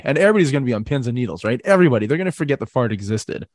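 A man's voice: mid-range voice, very animated, rapid-fire, no echo, clean studio sound. A man hosting a podcast, teasing his guest and laying out crude hypothetical questions with frequent laughter. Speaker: podcast host. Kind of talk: casual podcast chat.

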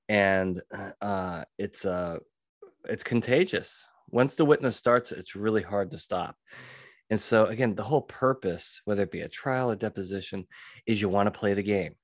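A man hosting a solo podcast, talking emphatically, repeating key phrases and often clearing his throat. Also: lowish voice, no room sound, clean studio sound. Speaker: podcast host and witness trainer.

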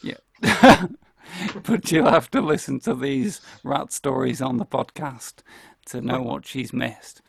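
A man co-hosting a podcast, telling an anecdote in a lively way and laughing often. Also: medium pitch, takes it slowly, vocal fry, breathy edge, no echo. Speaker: podcast co-host. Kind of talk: casual chat, storytelling.

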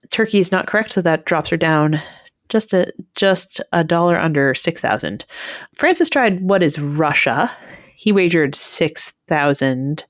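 A woman's voice: on the low side, no room sound, clean studio sound. A woman co-hosting a podcast, recapping a quiz show in chatty conversation full of fillers and restarts. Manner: chatty, with frequent fillers and self-corrections. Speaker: podcast co-host.

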